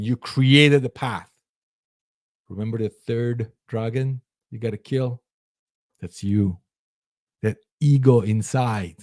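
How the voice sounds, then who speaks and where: Man, host, emphatic and preachy motivational talker, mid pitch, dry close sound. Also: a little mellow, no room sound. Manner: emphatic, preachy, acts out inner voices. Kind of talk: motivational livestream talk.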